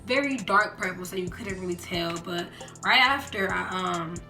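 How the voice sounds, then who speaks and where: A young woman chatting casually in a storytime vlog, acting out quotes in lively voices. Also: lowish voice, normal speed. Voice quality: animated, acts out quotes in voices. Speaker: vlogger. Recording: roomy echo with background music.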